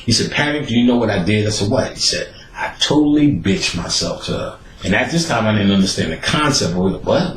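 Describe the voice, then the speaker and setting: A man hosting a podcast, telling stories in a profane, animated way and acting out the people he quotes. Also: mid-range voice, reverberant, low-quality recording. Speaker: podcast host. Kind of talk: casual storytelling monologue.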